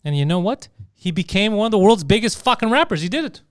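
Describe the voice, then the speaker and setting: A man's voice: high-pitched, sing-song, quick pace, no room sound, studio quality. A man co-hosting a comedy podcast, chatting casually and loosely, swearing and acting out quotes in put-on voices. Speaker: podcast co-host.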